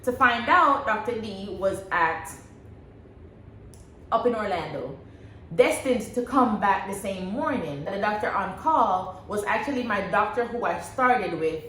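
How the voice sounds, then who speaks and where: A young woman vlogger casually telling a personal story, animated and laughing often as she acts out what she said. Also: mid-range voice. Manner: animated, laughs often, reenacts her own past words. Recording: echoey room with faint background hum.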